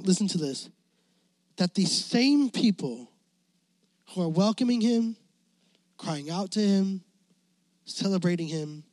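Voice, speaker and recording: A man preaching a sermon as youth pastor, impassioned and climbing toward near shouting. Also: fairly high pitch, dry recording.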